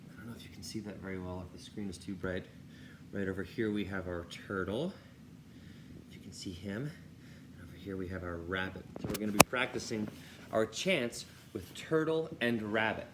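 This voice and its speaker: A man teaching an online children's music lesson, with an upbeat, encouraging manner as he talks straight to the kids. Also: fairly low pitch. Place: music room. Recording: roomy with faint ambient noise.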